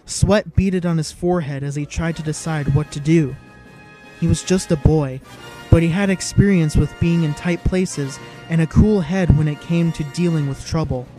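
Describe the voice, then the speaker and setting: Mellow-voiced man narrating a story. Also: a little high, normal speed, faint music behind. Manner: dramatic, vivid storytelling. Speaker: audiobook narrator. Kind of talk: scripted narration.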